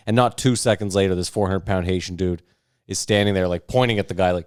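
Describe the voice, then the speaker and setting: A man co-hosting a podcast, telling a long, profane, animated anecdote in casual chat. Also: sits low, fast, smooth, dry recording, studio quality. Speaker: podcast co-host. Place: podcast recording setup.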